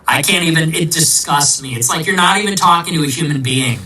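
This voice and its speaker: Sharp-toned man on a sarcastic political rant, combative, a bit far from the mic. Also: on the high side, a little fast. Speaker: political commentator. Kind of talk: ranting monologue.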